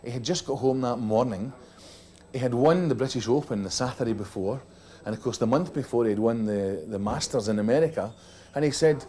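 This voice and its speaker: A man's voice: medium pitch, fairly quick, warm tone. A middle-aged man with a Scottish accent telling a comic story from a rugby tour, acting out the other voices as he goes. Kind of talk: comic after-dinner storytelling.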